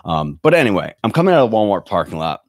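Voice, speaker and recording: A man's voice: fairly low pitch, very animated, quick pace, no room sound, clean studio sound. A man in his thirties hosting a podcast from his bedroom, ranting sarcastically with plenty of swearing. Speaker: podcast host. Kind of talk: comedic rant. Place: bedroom at home. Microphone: webcam setup.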